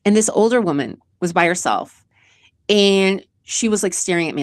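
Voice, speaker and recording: A woman's voice: medium pitch, lively intonation, moderate pace, no room sound. A woman hosting her own show, talking casually and earnestly about relationships in a rambling, emotional way, close to tears at times. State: tearful at times. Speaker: podcast host. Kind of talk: casual personal monologue.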